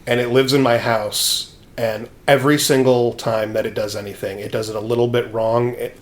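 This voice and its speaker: A man co-hosting a comedy podcast, chatting casually and complaining in a wry, deadpan way. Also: medium pitch, moderate pace. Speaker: podcast co-host. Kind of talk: casual chat.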